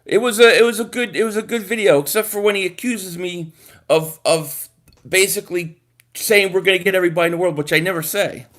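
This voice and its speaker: A man hosting a casual sports livestream, talking straight to viewers, animated and swearing freely. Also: sits high, a little fast. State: groggy from a nap. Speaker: livestream host reading chat.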